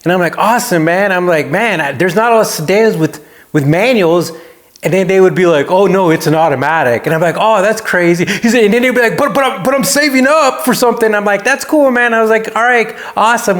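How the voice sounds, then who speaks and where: A man with a fairly high voice speaks casually to his audience as a YouTuber. He tells his stories in a lively way and briefly mimics the people he meets. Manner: animated storytelling, acts out quoted people. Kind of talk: casual talking-head vlog.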